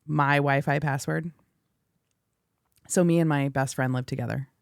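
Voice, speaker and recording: A woman's voice: low voice, fairly even intonation, measured pace, vocal fry, smooth, dry recording, studio quality. A young woman guest-hosting a podcast, asking questions and telling chatty stories. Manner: chatty storyteller, asks questions. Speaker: guest host, interviewer. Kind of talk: casual podcast interview.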